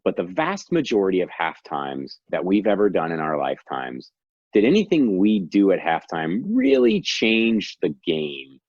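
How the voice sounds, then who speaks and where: A man who coaches youth sports, answering as a guest in a reflective, expressive way. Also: sits low, normal speed, husky, no room sound. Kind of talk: conversational interview answers. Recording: dull lo-fi video-call sound, dry.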